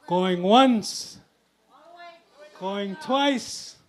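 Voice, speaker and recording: A man with a high voice calls bids at a live charity auction and speaks slowly, drawing out each number. He teases the bidders in a jovial way while speaking into a handheld microphone.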